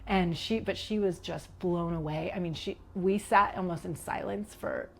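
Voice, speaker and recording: Middle-aged woman, low and gravelly, an animated podcast guest telling her own story, quoting others and slipping into whispers. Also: normal speed, a little hiss or hum. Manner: animated, reenacts quotes, drops to whispers. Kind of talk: personal storytelling.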